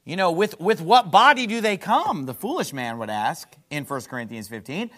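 A male pastor preaches with a high, lively voice that swoops up and down. He tells an animated story, acts out the caller's side of a phone call, and laughs at his own jokes. He asks his listeners rhetorical questions as he goes. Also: moderate pace. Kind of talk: sermon.

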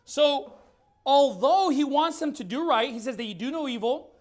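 A man preaching a sermon, firing rhetorical questions and reading scripture slowly and deliberately. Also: very high-pitched, animated. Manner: emphatic, fires rhetorical questions.

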